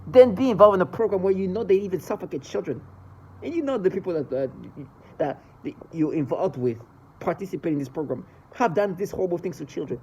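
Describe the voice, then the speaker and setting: A vlogger speaking in an emotional monologue, agitated and swearing, swinging between loud bursts and low mutters. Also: lively intonation, fairly quick, husky, rough recording.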